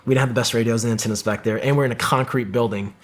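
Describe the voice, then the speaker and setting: A man's voice: medium pitch, fairly even intonation, very fast. A middle-aged man, a former Marine sniper, telling a vivid combat story in casual talk, with lots of swearing and acted-out quotes. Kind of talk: casual war story in an interview.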